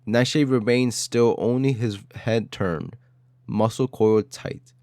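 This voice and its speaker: A man's voice: medium pitch, fairly even intonation, slow, a little mellow, no echo. A man narrating an audio story in a dramatic style, with short, clipped phrases.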